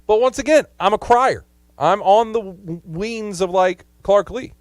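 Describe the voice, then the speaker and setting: A man's voice: sits high, a little slow, no echo, clean studio sound. A man in his thirties hosting a sports radio show, chatting casually and laughing easily. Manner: upbeat, laughs easily, emotional.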